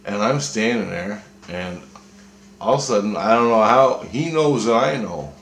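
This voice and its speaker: A man's voice: fairly low pitch, lively intonation, normal speed, a bit bright. A man casually retelling a dream, rambling and cursing, with frequent restarts. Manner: rambling, profane, restarts often. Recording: echoey room, faint noise.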